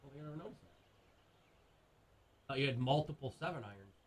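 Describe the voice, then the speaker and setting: A radio co-host chatting casually while playing golf, excitable, cheering his shots on and swearing freely. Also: medium pitch, brisk. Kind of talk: casual chat over a video game.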